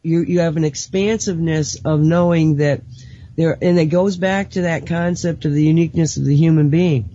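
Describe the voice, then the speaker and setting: A woman in a casual group discussion, speaking in a reflective, philosophical and unhurried way. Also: sits low, steady tone, dark tone, slight background noise. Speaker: panel co-host. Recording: dull lo-fi audio.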